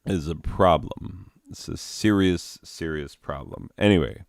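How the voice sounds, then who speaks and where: A young man telling a rambling comic story, deadpan, with lots of asides and fillers. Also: low-pitched, unhurried, gravelly, hardly any pauses, no echo, studio quality. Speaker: comedian.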